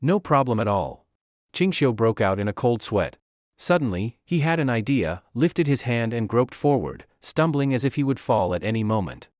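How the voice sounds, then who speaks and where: A man narrating a comic recap of an illustrated story in a brisk, expressive way. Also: medium pitch, no echo, clean studio sound.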